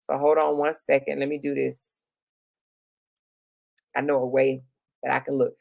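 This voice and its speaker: A woman hosting a live stream with a gravelly edge to her voice, reading out viewers' comments. She talks in a chatty, affectionate way, calling people honey and girl. The recording is dry and close, with no room sound. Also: extremely low pitch, level tone, moderate pace, darkish tone, no echo. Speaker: YouTube live stream host.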